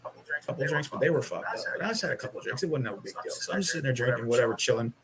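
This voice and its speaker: A man's voice: medium pitch, expressive, rapid-fire, crowd noise, poor audio. A man casually telling a rambling, profane story about getting thrown out of a bar. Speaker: guest in a clip being reacted to.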